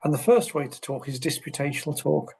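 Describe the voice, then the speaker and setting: Middle-aged guy on a podcast, gravelly, acts out little bits of dialogue as he talks. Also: on the high side, fairly quick, poor audio. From United Kingdom. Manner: animated storyteller, acts out quoted speech. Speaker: guest, social care researcher. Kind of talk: conversational podcast interview.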